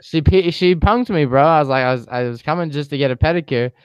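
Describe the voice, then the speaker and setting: Young male podcast co-host, smooth voice, relaxed storyteller, dry close sound. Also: on the high side, fast, dry recording, lo-fi sound. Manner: laid-back storytelling, joking, swears casually. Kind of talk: casual podcast banter.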